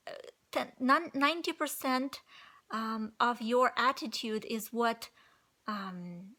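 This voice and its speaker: A woman with a fairly high, slightly nasal voice and a non-native English accent talks to her viewers about staying positive. She rambles casually, restarting phrases and leaning on fillers as she goes. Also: slow pace, pushed and bright. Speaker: vlogger. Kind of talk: casual motivational talk to camera.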